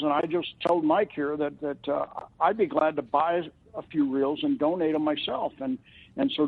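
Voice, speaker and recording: A man telling a long anecdote on a radio talk show, voicing the quoted lines of the people in it. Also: moderate pace. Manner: anecdotal, acts out quoted dialogue with rising pitch. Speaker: charity representative guest. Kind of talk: casual storytelling on radio. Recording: lo-fi radio broadcast audio.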